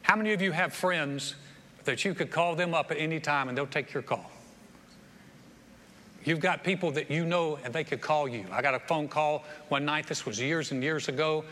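A man's voice: on the high side, moderate pace, bright, forceful tone. A man preaching a sermon to a congregation, telling stories with folksy humor and often repeating words as he goes. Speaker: pastor. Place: church sanctuary with live audience. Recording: reverberant hall with faint ambience.

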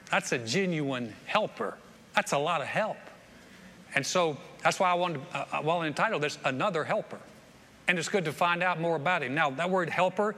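A man's voice: a little high, sharp tone, slight background noise. A man preaching a sermon to a congregation, telling stories with folksy humor and often repeating words as he goes. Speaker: pastor. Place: church sanctuary with live audience. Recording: reverberant hall with faint ambience.

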